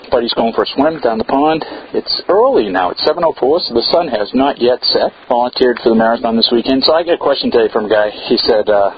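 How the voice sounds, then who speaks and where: A man talking in a relaxed, musing way while outdoors by a lake. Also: mid-range voice, dull audio, a little hiss or hum. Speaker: podcast host. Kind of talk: casual outdoor voice memo.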